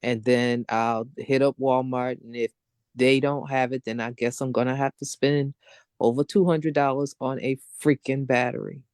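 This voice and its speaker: A middle-aged woman with a bass voice, steady and darkish in tone, rants on a video call at normal speed. She's an open mic participant venting at length in frustrated, casual run-on stretches, and the sound is clean with no echo.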